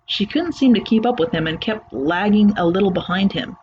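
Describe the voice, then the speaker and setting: A mid-pitched narrator, speaking fairly quickly with a somewhat dark tone, reads an eerie first-person tale in a plain, talky way. The recording, made at home, is slightly muffled with faint hiss underneath.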